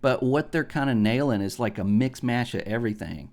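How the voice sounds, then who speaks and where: A man's voice: mid-range voice, lively intonation, fairly quick, gravelly. A man from the American South, chatting on a gaming podcast, rambling and opinionated with lots of ums and restarts. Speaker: podcast host. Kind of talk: casual podcast chat.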